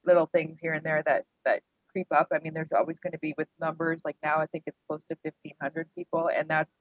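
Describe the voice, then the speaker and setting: A woman's voice: deep voice, flat delivery, a little fast, no echo. Candid woman on a tinny line. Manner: candid, rambling, full of "like". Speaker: guest. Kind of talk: personal storytelling interview. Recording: dry tinny phone-like line.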